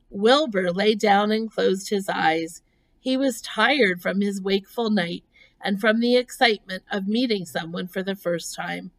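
Slow, measured woman reading a story. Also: medium pitch, poor audio. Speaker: narrator. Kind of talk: reading a children's novel aloud.

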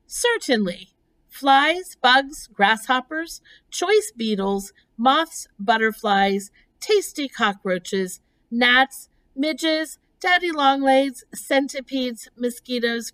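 A woman's voice: fairly high pitch, animated, slow, a bit bright, pitched above the performer's own voice, rough recording. Woman voicing a thin-voiced matter-of-fact spider. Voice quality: thin, pleasant voice. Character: clever female spider, calm and matter-of-fact.

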